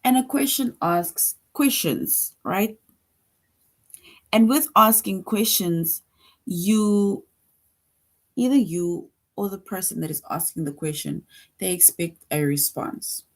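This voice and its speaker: A woman teaching an online grammar lesson to young children, patient and repetitive, often checking in with "right?". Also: medium pitch. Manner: slow, patient, repeats points with frequent "right?".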